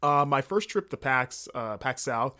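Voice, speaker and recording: A man hosting a solo podcast, rambling casually in a jokey, animated way late at night. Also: mid-range voice, unhurried, clear, resonant tone. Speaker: podcast host.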